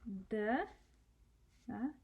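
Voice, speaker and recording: A woman's voice: fairly high pitch, animated, drawn-out words, creaky, husky, lo-fi sound. A woman teaching cursive letters, spelling them out patiently and checking in with short questions. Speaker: Russian language teacher. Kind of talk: slow step-by-step handwriting lesson.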